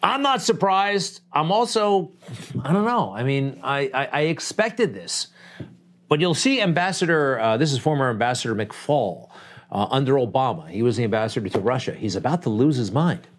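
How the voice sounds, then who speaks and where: A man hosts a political commentary show, giving a blunt, conversational, opinionated monologue packed with rhetorical asides. His voice sits at medium pitch with lively intonation, and he speaks at a normal speed.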